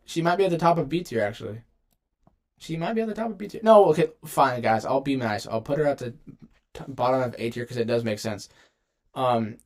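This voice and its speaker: A medium-pitched voice with a darkish tone belongs to a young gaming video creator doing casual tier-list commentary. He rambles through his rankings of game characters, talks in slang, and frequently cuts himself off.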